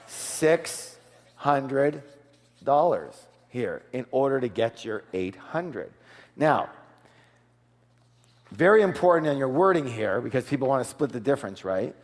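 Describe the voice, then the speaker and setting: A man giving an energetic sales seminar, asking the audience for call-and-response and switching to a soft, quiet voice to act out offers. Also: mid-range voice, a little slow. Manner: drops to a soft, quiet voice for role-played offers. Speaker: seminar speaker. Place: large hall with a live audience. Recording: long hall reverb.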